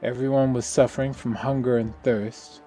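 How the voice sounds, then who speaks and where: A man's voice: medium pitch, steady tone, normal speed, warm tone, faint music behind, natural voice. A man reading the lines of a weary woman survivor in a game, telling a grim story in a subdued, somber way. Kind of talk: reading game dialogue aloud.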